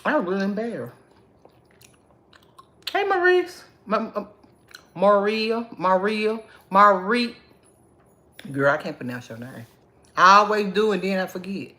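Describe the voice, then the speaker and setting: Animated chatty woman livestreaming. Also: mid-range voice, measured pace, long pauses. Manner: chatty, animated, greets viewers by name. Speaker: livestream host. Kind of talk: casual livestream chat with viewers.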